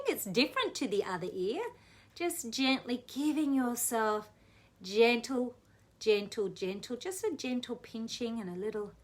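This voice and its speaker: A woman teaching a guided self-massage for relaxation, talking gently and slowly in a soothing way. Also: fairly high pitch. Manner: gentle, soothing, slow guidance with soft laughs. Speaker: wellness educator.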